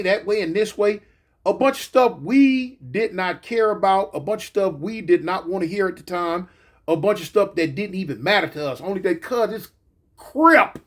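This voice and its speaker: A middle-aged Californian man who used to be in a gang tells an old prison story in a loose, casual way. His voice is high, and he talks in animated bursts packed with fillers and repetition, often acting out what other people said.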